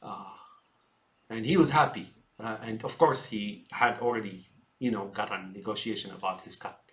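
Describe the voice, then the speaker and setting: A man's voice: on the low side, moderate pace, fairly bright tone. A man ranting about politics in a rambling, filler-heavy way, often calling his listeners folks. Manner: acts out quoted politicians in mocking voices. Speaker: political ranter. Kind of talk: unscripted political rant.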